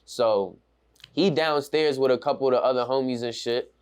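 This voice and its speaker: A man, telling a story in a casual interview, animated and slang-heavy. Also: medium pitch, moderate pace, clean tone. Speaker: interview guest.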